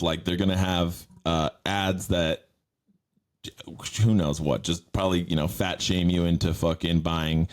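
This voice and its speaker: A man hosting a podcast, riffing on news stories in a rambling, profane, mocking way. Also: low-pitched. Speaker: podcast host. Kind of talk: casual news commentary.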